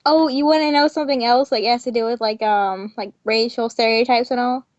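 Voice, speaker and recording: A woman's voice: a little high, steady tone, brisk, no echo. A teenage girl chatting casually on a podcast, full of "like" and "um" as she talks. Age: teens. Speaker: student, podcast co-host. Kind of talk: casual chat. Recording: dry, muffled lo-fi recording.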